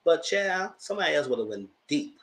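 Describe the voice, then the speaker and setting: A man's voice: fairly high pitch, very animated, fairly quick. A man giving a casual, sassy live review of reality TV, slangy and acting out the cast's lines as he goes. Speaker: TV reality show commentator.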